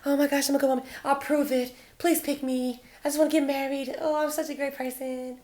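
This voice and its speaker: Woman putting on a high whiny pick-me girl, begging and overeager. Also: level tone, a little fast, darkish tone, natural voice. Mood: pleading. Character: desperate eager woman begging to be chosen.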